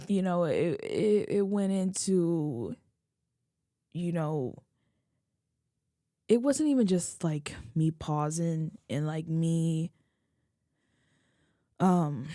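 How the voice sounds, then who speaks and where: A young woman speaks through tears in an emotional confessional vlog, halting and restarting as she goes. Her voice is mellow and a little low. The sound is close and dry. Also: no room sound. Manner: tearful, halting, many restarts. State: crying. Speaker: video creator.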